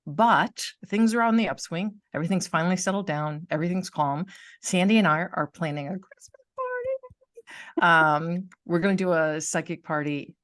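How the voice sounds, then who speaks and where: Lively middle-aged woman storyteller, lowish voice. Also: no room sound, clean studio sound. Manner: animated storytelling, acts out quoted voices, laughs often. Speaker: podcast host. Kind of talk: casual chat. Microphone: video call.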